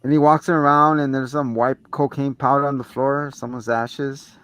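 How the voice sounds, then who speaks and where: A man's voice: medium pitch, little pitch movement, normal speed, a bit bright, clean tone, soft background music. A man co-hosting a podcast, recapping a horror movie in a rambling, profane storytelling way. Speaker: podcast co-host. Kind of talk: casual movie review chat.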